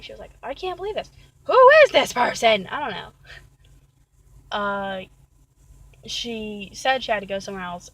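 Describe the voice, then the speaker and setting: A woman's voice: medium pitch, pushed and bright, breathy edge, poor audio. A woman venting in a casual vlog rant, rambling and exasperated, often repeating herself. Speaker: vlogger.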